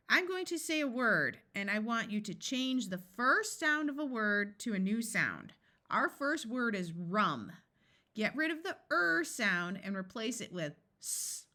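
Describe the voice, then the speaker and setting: A woman with an American accent teaching a phonics lesson, sounding out each letter of short words slowly and clearly for young readers. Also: on the high side, very animated, sharp tone. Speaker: reading tutor. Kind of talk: slow phonics lesson for children.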